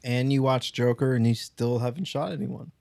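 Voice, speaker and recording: Man, podcast co-host, wry joker, middle pitch, dry close sound. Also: normal speed, gravelly, a little mellow, dry recording. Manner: wry, joking storyteller. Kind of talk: casual chat.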